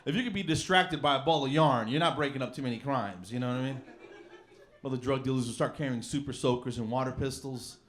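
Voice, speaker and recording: A man's voice: mid-range voice, fast talker. A man doing a rambling, self-mocking stand-up set on a comedy club stage with a handheld mic. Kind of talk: stand-up routine.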